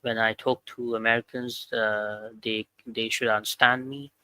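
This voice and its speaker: A man's voice: medium pitch, level tone, measured pace, pushed and bright, clear, resonant tone, dry recording, low-quality recording. A man with a South Asian English accent practicing English, speaking hesitantly with frequent ums and uhs. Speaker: English learner. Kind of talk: casual chat.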